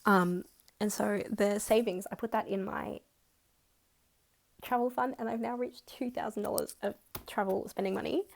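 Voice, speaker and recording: A woman in her twenties with an Australian accent, chatting excitedly and counting money aloud in a casual budgeting vlog. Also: mid-range voice, normal speed, gravelly, a little hiss or hum. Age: 20s. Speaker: budgeting vlogger. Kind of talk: casual chat.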